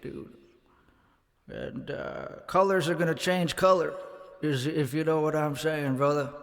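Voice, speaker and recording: A man's voice: fairly high pitch, fairly bright tone, in a large hall. A man livestreaming from his home studio apartment, rambling in casual, profane, slangy chat.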